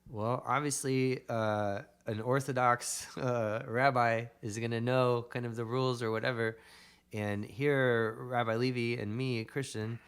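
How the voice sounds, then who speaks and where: A man's voice: medium pitch, steady tone, unhurried, smooth. A young adult man, a podcast guest, telling a rambling story in casual conversation with emphatic bursts.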